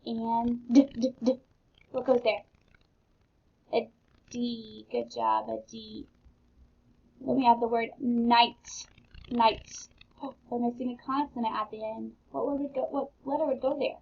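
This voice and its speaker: A woman's voice: a little high, flat delivery, measured pace, gravelly, pauses often, breathy edge. A woman teaching a phonics lesson to young children, patient and encouraging, spelling words out letter by letter. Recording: dull lo-fi sound.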